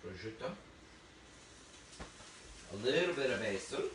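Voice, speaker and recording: A man's voice: mid-range voice, lively intonation, measured pace, a bit bright, a little hiss or hum. A man giving a live cooking demonstration, chatty and enthusiastic with frequent exclamations. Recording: roomy, distant mic with faint ambience.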